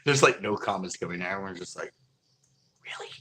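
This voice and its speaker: A middle-aged man hosting a fishing channel, telling a long story in a rambling, animated way full of fillers. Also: low voice, very fast, a little hiss or hum. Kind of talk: casual livestream storytelling.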